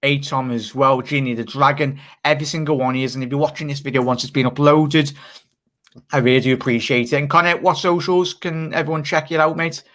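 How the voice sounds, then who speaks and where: A man's voice: on the high side, steady tone, a little fast, a bit bright. A man hosting a casual live stream, reading out viewers' comments in a chatty way and laughing often. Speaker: channel host.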